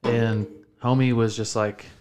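A man's voice: mid-range voice, level tone, a little slow, noisy background. A young man hosting a casual podcast from his home studio, swearing a lot and saying "dude" constantly as he rambles. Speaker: podcast host.

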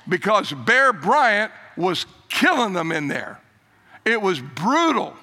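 An older man preaching a sermon, telling a story with emphatic rises and hushed low quotes. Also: slow. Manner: animated, emphatic, drops low for quoted lines.

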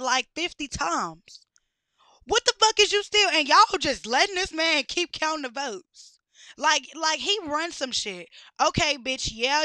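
A woman's voice: sits high, pushed and bright, no room sound, clean studio sound. A woman ranting bluntly with heavy cursing and exasperated rhetorical questions. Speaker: podcast host. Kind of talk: profane rant.

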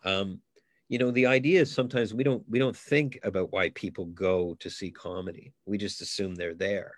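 A man's voice: low voice, fairly even intonation, moderate pace, dry recording. A middle-aged man, a comedian from Canada, chatting in an interview and telling rambling stories with many restarts. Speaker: comedian guest. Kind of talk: casual interview chat.

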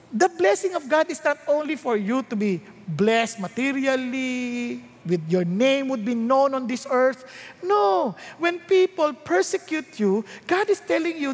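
Filipino woman preacher, lively, high-pitched, questions the crowd, echoey hall sound. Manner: animated, mixes English and Tagalog, asks the congregation rhetorical questions. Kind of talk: sermon. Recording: reverberant hall.

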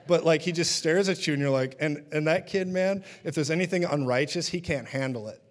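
A man's voice: a little high, brisk. A man preaching a sermon in a conversational teaching manner, often checking in with his listeners.

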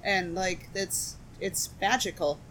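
A woman from the Midwest, co-hosting a podcast, telling stories in a casual, profane, animated way. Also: lowish voice, takes it slowly, a little hiss or hum. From American Midwest. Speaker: podcast co-host. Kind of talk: casual chat.

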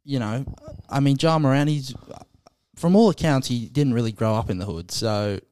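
A man's voice: mid-range voice, normal speed, darkish tone, clear, resonant tone. Laid-back man on podcast. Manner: laid-back, chuckling, hesitant fillers. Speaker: podcast co-host. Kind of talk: casual sports podcast chat.

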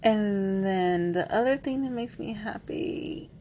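A woman's voice: mid-range voice, slow, warm tone, slight background noise, poor audio. A woman chatting candidly to camera, rambling and playful, frank and a little giggly, with lots of "like.". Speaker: vlogger. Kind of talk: candid casual chat to camera.

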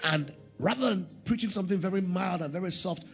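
A man preaching a sermon, swinging between loud emphatic bursts and a hushed tone as he leads prayer. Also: high voice, expressive, a little fast, vocal fry, hardly any pauses, soft background music.

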